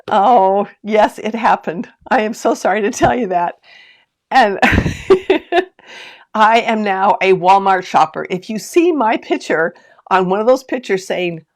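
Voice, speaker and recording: A woman's voice: medium pitch, animated, slow pace, long pauses. Chatty laughing woman hosting a live stream. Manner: laughs often while telling a story; talks straight to viewers with lots of asides and questions. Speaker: sewing channel host. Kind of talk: chatty live stream, reading viewer comments.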